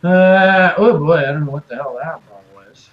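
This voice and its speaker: A man's voice: a little high, fairly even intonation, a little fast, lo-fi sound. A man co-hosting an online trading show, talking casually through price charts in a chatty, hedging way that jumps between points. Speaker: co-host crypto trading commentator. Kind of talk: casual chart analysis talk.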